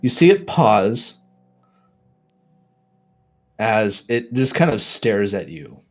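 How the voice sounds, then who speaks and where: A man narrating a tabletop game as game master, describing scenes in a halting way with many restarts. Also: on the low side, very animated.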